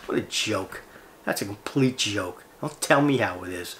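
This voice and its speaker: A man's voice: fairly low pitch, a little slow. A man hosting a fishing channel, ranting on camera in a blunt, sarcastic, profane way. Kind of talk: ranting vlog monologue.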